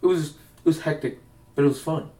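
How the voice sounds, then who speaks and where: A man's voice: on the high side, fairly even intonation, brisk, mellow. A young man telling rambling stories in casual chat, co-hosting a podcast. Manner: rambling, acts out quoted voices. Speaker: podcast co-host. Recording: roomy, distant mic.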